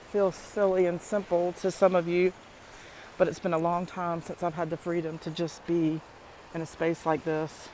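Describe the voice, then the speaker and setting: A woman with a lowish voice speaks very slowly and effusively, filming herself on a nature walk. She is recorded outdoors on a handheld phone, with faint ambient noise behind her. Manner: slow, soft-spoken and effusive. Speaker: vlogger. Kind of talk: casual walking vlog.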